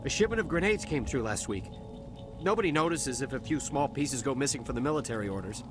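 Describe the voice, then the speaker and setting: A man's voice: medium pitch, animated, fast talker, natural voice. An actor playing a nervous male dock worker and smuggler in a video game, stammering and defensive. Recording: game audio with music behind.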